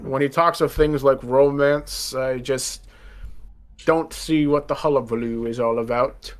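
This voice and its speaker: A man's voice: medium pitch, fairly even intonation, a little slow, close to an everyday voice. A man playing a reserved young nobleman who is tired of formal society, speaking politely and a little formally. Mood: dry.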